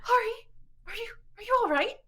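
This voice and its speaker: A woman doing a worried, high-pitched caring friend. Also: expressive, bright, forceful tone. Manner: hurried, repeating herself to reassure. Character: caring young woman, anxious for her best friend.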